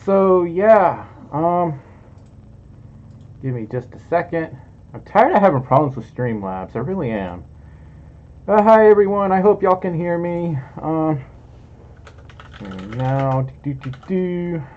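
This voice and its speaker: A man's voice: a little high, big pitch swings, takes it slowly, long pauses. A man hosting a casual livestream, chatty and giggly, reading out donations through a muffled mic. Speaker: livestream host. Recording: muffled lo-fi audio.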